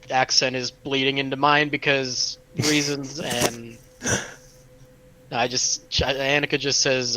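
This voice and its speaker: Bright-voiced hoarse man joking. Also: medium pitch, flat delivery, takes it slowly, poor audio. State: hoarse from a cold. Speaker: player. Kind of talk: tabletop game chat.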